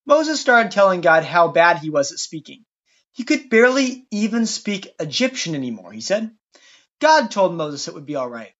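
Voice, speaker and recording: A podcast narrator telling a Bible story in a wry, lively scripted way, on a dull lo-fi recording. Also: mid-range voice, moderate pace.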